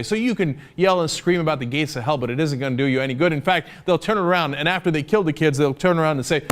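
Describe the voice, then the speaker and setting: American man, young adult, somewhat high voice, sarcastic, indignant commentary. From United States. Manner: indignant and sarcastic, mocks opponents in put-on voices. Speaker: political commentator. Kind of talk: opinion commentary.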